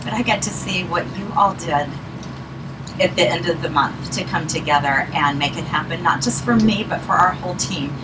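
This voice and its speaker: A woman's voice: lowish voice, normal speed. A woman leading a team meeting, speaking in an earnest, encouraging way before she introduces the next speaker. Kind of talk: speaking to a live audience. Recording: distant mic, clear noise.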